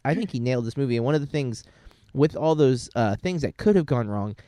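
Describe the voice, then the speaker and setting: A young man, a teacher, chatting casually about a movie in an animated, sarcastic way, acting out quotes as he goes. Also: mid-range voice, a little fast, dry recording, clean studio sound. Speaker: co-host reviewing a movie. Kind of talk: casual chat.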